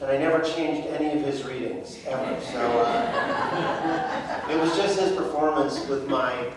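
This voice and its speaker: A man being interviewed on stage, speaking haltingly with wry, self-deprecating humor. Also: on the high side. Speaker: actor, interview guest. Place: theater stage before an audience. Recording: echoey room, far from mic, noisy.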